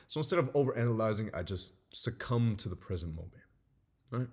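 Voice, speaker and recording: A young man giving a motivational self-help talk, animated and acting out little scenes as he explains. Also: fairly low pitch, a little fast, slightly rough.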